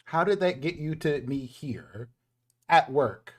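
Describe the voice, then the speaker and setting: A man's voice: on the high side, lively intonation, takes it slowly, husky. A man playing a tabletop game in character, trading sarcastic jokes. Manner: sarcastic, joking retorts. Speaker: player.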